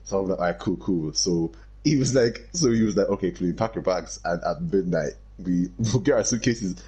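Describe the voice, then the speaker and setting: A man's voice: sits low, a little fast, breathy edge. A man, telling a childhood story to friends in a casual chat and laughing as he goes. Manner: excitable, laughs through his story.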